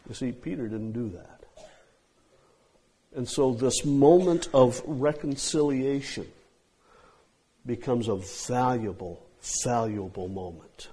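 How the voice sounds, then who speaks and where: A man preaching an expository sermon, emphatic, with drawn-out phrases and pauses. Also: mid-range voice, warm tone, slight background noise.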